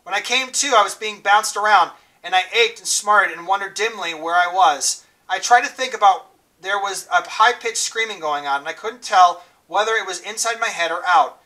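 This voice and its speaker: Teacher reading a novel aloud, distant mic. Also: male voice, high voice, sharp tone. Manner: plain, unhurried reading with small stumbles.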